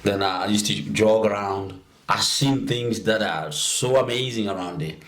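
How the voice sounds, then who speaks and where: Brief: man, lively storyteller, laughs easily, stumbles into sentences, room echo. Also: on the low side, measured pace. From South Africa. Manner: animated, laughs often, repeats words when starting. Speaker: podcast guest. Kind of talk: casual storytelling chat. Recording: roomy echo.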